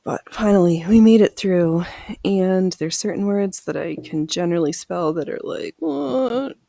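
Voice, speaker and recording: A woman's voice: fairly low pitch, steady tone, moderate pace, mellow, no echo. A woman hosting a casual live sewing stream. She laughs often and reads viewer comments aloud as she works. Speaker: livestream host.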